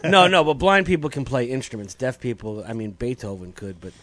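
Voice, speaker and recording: A man's voice: mid-range voice, fairly quick, a bit bright. A man co-hosting a radio show, bantering loosely and joking with restarts. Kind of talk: casual banter.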